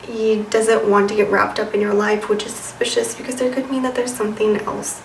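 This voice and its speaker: A woman's voice: medium pitch, level tone, fairly quick, distant mic, a little hiss or hum. A young woman giving casual dating advice to camera, sassy and chatty, with lots of "like" and "you know". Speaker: vlogger. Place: room with a white wall. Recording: echoey room, voice a bit off-mic.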